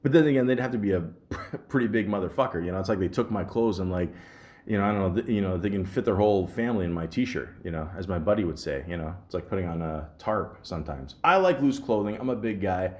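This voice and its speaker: A man's voice: low voice, animated, fast talker. A man hosts his podcast and tells a story in a loose, rambling way. He swears often and trips over restarts. His voice rises and falls with a lot of movement. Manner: profane, rambling, stammers restarts. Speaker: podcast host. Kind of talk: casual storytelling.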